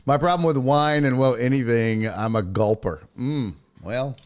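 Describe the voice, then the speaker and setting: Hosting a podcast live stream, a man with a medium-pitched voice speaks at a measured pace. The talk is casual and profane, with live chat read out and viewers greeted by name.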